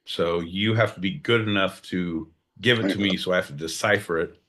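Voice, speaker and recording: Homem animado de voz brilhante e baixa, podcast. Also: male voice, sits low, normal speed. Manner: animated, crude jokes, swings into loud mock outbursts. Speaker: podcast co-host. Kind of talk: casual comedic banter.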